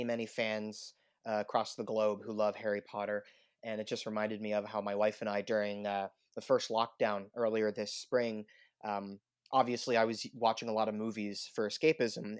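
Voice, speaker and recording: Brief: low-voiced male co-host, relaxed measured chat, dry close mic. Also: no echo. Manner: easygoing, measured, many "uh" fillers. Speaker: podcast co-host. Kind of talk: casual podcast chat.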